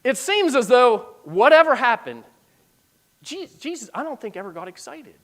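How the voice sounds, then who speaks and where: A man's voice: extremely high pitch, big pitch swings, normal speed, a bit bright. A middle-aged man preaching, reading scripture aloud and breaking into plain-spoken asides to explain it.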